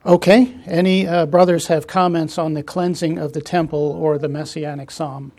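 Man leading a Bible study, slightly high voice. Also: steady tone, normal speed, darkish tone. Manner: explanatory, reads scripture aloud, frequent "uh" fillers.

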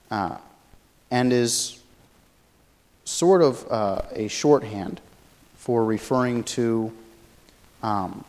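Male Bible teacher, lowish voice, thoughtful lecturer who hesitates as he explains. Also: a little mellow. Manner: thoughtful, many fillers and restarts, explanatory.

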